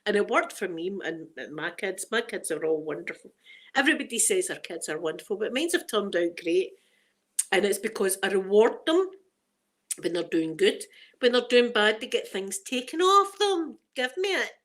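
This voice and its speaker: A woman's voice: mid-range voice, very animated, normal speed, fairly bright tone. A middle-aged woman with a Glaswegian Scottish accent, hosting a casual ASMR chat and rambling through stories full of local slang. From Scotland. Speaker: ASMR channel host.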